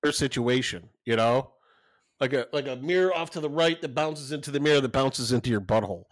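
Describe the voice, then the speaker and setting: A man's voice: medium pitch, fairly quick, no echo. A middle-aged man co-hosting a podcast, telling stories in casual chat and swearing freely. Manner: animated storytelling, swears often. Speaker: podcast co-host.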